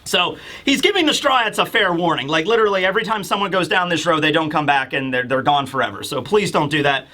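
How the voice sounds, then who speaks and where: A man's voice: on the high side, fast talker, few pauses, bright, forceful tone. A man casually recapping a comic chapter in a rambling style, full of fillers and asides. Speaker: manga reviewer.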